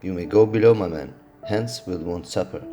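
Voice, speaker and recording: A man voicing a stern male sea captain who speaks curtly and commands loudly. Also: sits low, lively intonation, moderate pace, soft background music. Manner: curt, commanding.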